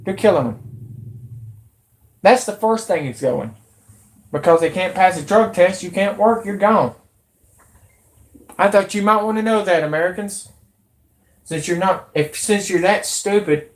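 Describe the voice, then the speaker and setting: A woman's voice: mid-range voice, a little slow, pauses often. A woman, ranting angrily and swearing as a YouTube commentator. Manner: angry, profane, shouting in bursts. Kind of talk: angry political rant.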